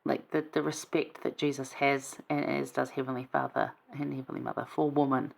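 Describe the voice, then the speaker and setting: Low, gravelly woman explaining scripture. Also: flat delivery, a little fast. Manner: chatty, informal, reads verses then explains them. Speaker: Bible study vlogger. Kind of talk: casual scripture commentary.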